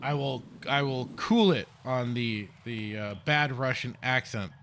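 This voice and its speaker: A man's voice: medium pitch, a little slow, a bit bright, slight background noise. A man streaming a video game, making sarcastic jokes and talking to his chat as he plays. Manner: joking, sarcastic, talks to chat. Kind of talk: let's-play commentary.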